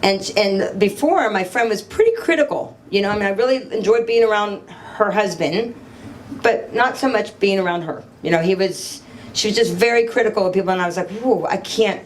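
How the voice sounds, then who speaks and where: A woman's voice: mid-range voice, normal speed, a little hiss or hum. A middle-aged woman giving a live motivational talk on stage, telling stories animatedly, acting out dialogue and putting questions to the audience. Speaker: motivational speaker.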